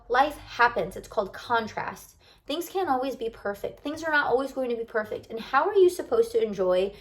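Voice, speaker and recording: A young woman with a slightly high voice talks straight to the viewer like a close friend. She rambles and confides, restarting sentences and filling them with likes, in a loose, heartfelt vlog chat. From United States. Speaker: lifestyle vlogger. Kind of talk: casual heartfelt talk to camera.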